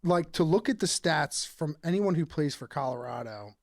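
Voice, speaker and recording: Animated young podcast guy, dry close mic. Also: a little high, moderate pace, vocal fry, no echo. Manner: animated storyteller, laughs often, says "dude". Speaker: podcast co-host. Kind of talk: casual chat.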